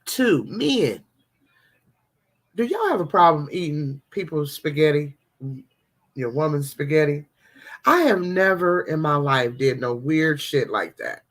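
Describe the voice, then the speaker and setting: A woman's voice: sits low, expressive, measured pace. A woman hosting a casual devotional vlog, chatting animatedly and talking straight to her viewers.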